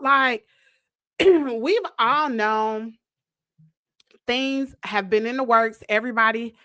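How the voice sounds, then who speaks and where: High, bright-voiced woman hosting a live stream. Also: no room sound, studio quality. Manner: chatty, addresses viewers directly and calls them girl and y'all; drawn-out exclamations and emphatic repeats. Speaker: host of a live gossip stream. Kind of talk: casual live-stream chat.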